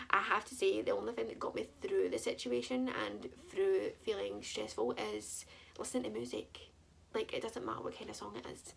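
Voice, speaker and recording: A woman's voice: mid-range voice, gravelly, fairly bright tone, a little hiss or hum. A young woman, chatting candidly and rambling in a personal vlog. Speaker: vlogger.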